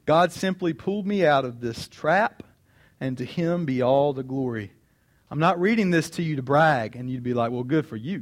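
A man in his thirties preaching a sermon, earnest and personal, repeating key phrases for emphasis. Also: mid-range voice. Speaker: pastor.

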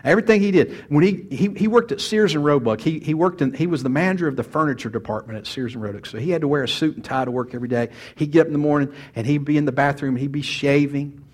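A man's voice: a little high, quick pace, hardly any pauses, darkish tone. A man preaching a sermon, a folksy storyteller who often restarts his sentences. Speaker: pastor.

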